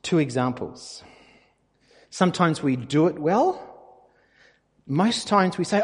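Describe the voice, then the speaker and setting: A man's voice: a little high, sing-song, slow, pauses often, breathy edge. A man preaching a conversational, anecdotal sermon in a reverberant church hall. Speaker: pastor.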